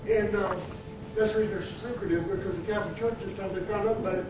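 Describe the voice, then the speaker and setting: A man's voice: high voice, fairly even intonation, rapid-fire, crowd noise. A man in the class adding a rambling comment, repeating himself as he goes. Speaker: class participant. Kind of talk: casual chat. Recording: roomy and distant with clear noise.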